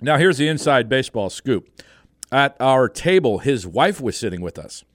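A man's voice: medium pitch, moderate pace, dry recording, clean studio sound. A man hosting an afternoon radio show, chatting casually and telling rambling stories. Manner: lively, rambling storyteller. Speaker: radio host.

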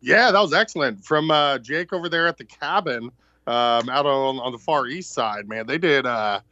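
Easygoing male radio co-host, bright dry voice, slightly dull audio. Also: medium pitch, expressive, normal speed, no echo. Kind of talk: casual radio chat.

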